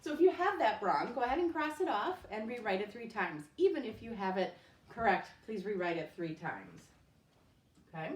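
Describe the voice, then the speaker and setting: A woman's voice: mid-range voice, expressive, moderate pace, recorded from a distance. A woman teaching a recorded spelling lesson at home, patiently sounding out words letter by letter. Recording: echoey room, voice off-mic.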